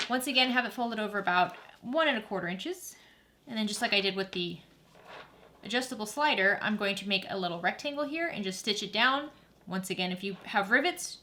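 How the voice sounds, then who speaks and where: A woman's voice: mid-range voice, pushed and bright, a little hiss or hum. A woman hosting a sewing tutorial, giving friendly, practical step-by-step instructions while she works at her machine.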